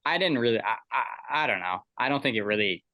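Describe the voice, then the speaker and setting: A man's voice: mid-range voice, lively intonation, fairly quick, no echo, lo-fi sound. A man co-hosting a podcast, chatting casually about sports in easygoing banter with rambling restarts. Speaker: podcast co-host.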